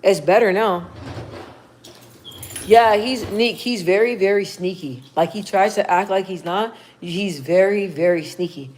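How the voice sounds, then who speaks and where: A young woman chatting casually on a livestream, slangy and relaxed as she talks to her viewers and her dog. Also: mid-range voice, a little slow, a little hiss or hum. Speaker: livestream host.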